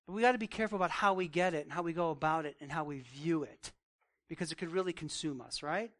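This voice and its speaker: A man's voice: fairly high pitch, quick pace, fairly bright tone. A male pastor preaching a conversational sermon, reading scripture aloud and asking the congregation direct questions. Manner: reads scripture aloud, then riffs on it.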